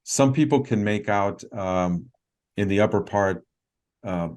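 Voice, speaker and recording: A man with a lowish, darkish-toned voice tells a story as a guest on a video call interview. He's sincere but halting, frequently restarting and leaning on fillers.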